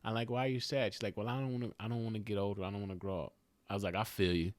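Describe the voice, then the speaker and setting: A middle-aged man hosting a podcast, talking in a motivational monologue, animated, with loud peaks and hushed asides. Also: fairly low pitch, very fast, no echo. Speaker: podcast host.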